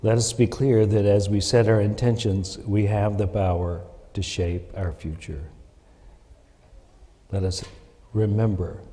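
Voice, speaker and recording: Slow, deep-voiced minister leading prayer. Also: male voice, mellow. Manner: slow, measured and solemn. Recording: reverberant sanctuary.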